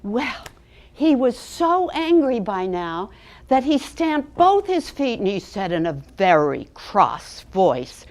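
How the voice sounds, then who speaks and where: Slow, animated woman storyteller. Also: a little high. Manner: dramatic, with hushed and loud turns. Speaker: early childhood educator. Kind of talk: expressive storybook reading, then teaching talk.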